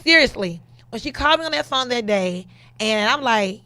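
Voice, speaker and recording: A woman's voice: fairly high pitch, animated, moderate pace, pushed and bright, no echo. A woman hosting a podcast, talking casually and emphatically, repeating phrases for effect. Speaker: podcast host.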